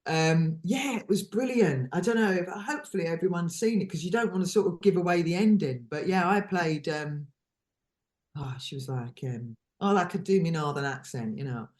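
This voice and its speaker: A woman's voice: on the low side, moderate pace, darkish tone. Giggly, chatty woman podcast guest. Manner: giggly, laughs often between phrases; chatty and effusive, trailing restarts. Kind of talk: casual chat.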